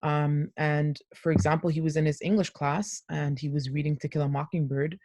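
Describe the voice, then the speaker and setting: A woman's voice: deep voice, little pitch movement, moderate pace, warm tone, no echo, clean studio sound. A middle-aged woman speaking earnestly as a parent on a panel discussion, over a video call. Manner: earnest, heartfelt.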